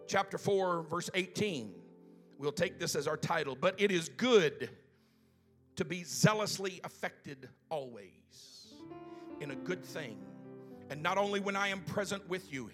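Male preacher, high-pitched, slow deliberate scripture reading, swells to fervent loud exhortation, faint music underneath. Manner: reads scripture slowly with drawn-out emphasis. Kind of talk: sermon. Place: church sanctuary.

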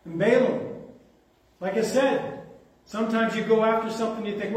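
A man delivers a sermon in a strikingly high voice, pressing his points with rhetorical questions. The sound is awash in heavy reverb and captured from a distance, as if from the back of a large hall. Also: steady tone, moderate pace. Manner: emphatic, with rhetorical questions to the congregation. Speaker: preacher. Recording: very echoey, from far off the mic.

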